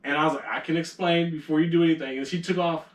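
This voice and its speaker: A young man co-hosting a podcast tells a story in casual chat, laughing and acting out the quotes. His voice is fairly high with a steady tone, and he talks fast. The room is echoey and he sits a little far from the mic.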